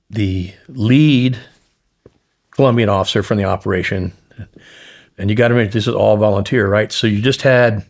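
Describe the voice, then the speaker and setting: Middle-aged American man, low gravelly voice, animated storyteller who acts out the voices he quotes. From United States. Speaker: podcast guest. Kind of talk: casual storytelling interview.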